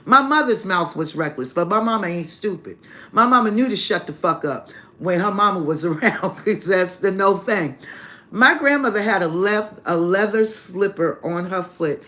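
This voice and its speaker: A woman of middle pitch holding court on a live stream, swearing freely and calling her listeners "baby". She tells a family story in a loose, unscripted way and laughs heartily as she goes. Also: lively intonation, normal speed, sharp tone. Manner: brash and profane, calls listeners "baby". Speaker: spiritual reader hosting a live stream. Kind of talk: casual storytelling to a live chat.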